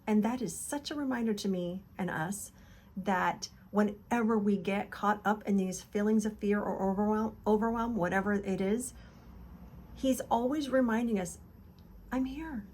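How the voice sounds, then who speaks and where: A woman's voice: medium pitch, normal speed, darkish tone, a little hiss or hum. A woman hosting a casual devotional talk, earnest and encouraging, retelling scripture in loose conversational words. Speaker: devotional video host.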